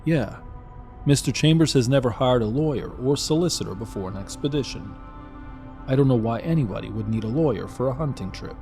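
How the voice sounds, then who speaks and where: A man voicing a brawny, easygoing Jamaican driver who talks in a relaxed, drawling way with a Jamaican accent. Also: mid-range voice, fairly quick, soft background music, close to an everyday voice.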